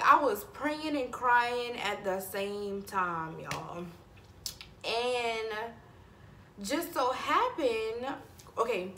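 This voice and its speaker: A young woman vlogging to camera, chatting in a stressed but animated storytelling way and addressing viewers directly. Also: on the high side, echoey room, a little hiss or hum. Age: young adult. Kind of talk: casual chat to camera.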